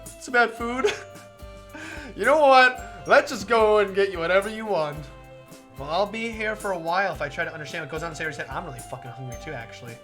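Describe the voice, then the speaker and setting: A man's voice: high-pitched, expressive, fast, a bit bright, soft background music. A young man streaming a visual novel, chatting casually, laughing often and swearing freely. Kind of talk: casual live-stream commentary.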